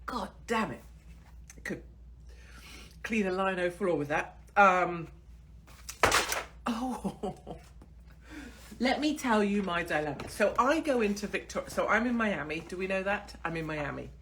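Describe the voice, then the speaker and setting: A woman in her forties rants to camera on her own show, foul-mouthed and mocking. Her voice sits at a middling pitch, and a faint hiss runs underneath. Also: animated, slow, long pauses, a bit bright. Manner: crude, sardonic and mocking, swearing freely. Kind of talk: casual ranting monologue to camera.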